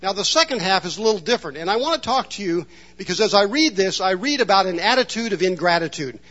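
Male pastor, high voice, reflective sermon, muffled church recording. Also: lively intonation, fast, fairly bright tone. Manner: reflective, asks the room questions. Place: church hall with a congregation.

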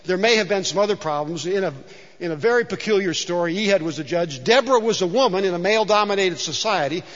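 A man with a fairly high, slightly bright voice talks fast and with lots of animation. He's a pastor preaching a sermon in a church sanctuary, speaking conversationally with asides and rhetorical questions. The recording sounds dull and carries a long hall reverb.

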